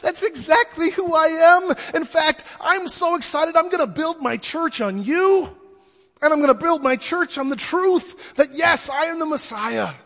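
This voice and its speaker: A man voicing Jesus as overjoyed and exuberant, nearly shouting in a retold gospel scene. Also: extremely high pitch, measured pace, creaky, long reverb tail, pitched above the performer's own voice, exaggerated voice. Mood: excited.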